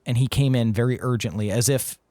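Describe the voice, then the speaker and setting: A man narrating a tabletop game as game master, relaxed and quick to laugh. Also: mid-range voice, no room sound, clean studio sound. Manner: easygoing, laughs often.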